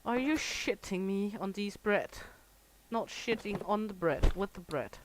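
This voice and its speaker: Streaming a store game live, a middle-aged woman from Denmark chats casually with her audience in a Danish accent, cursing freely and laughing often. She has a mid-range voice with lively intonation and a measured pace, over a noisy background.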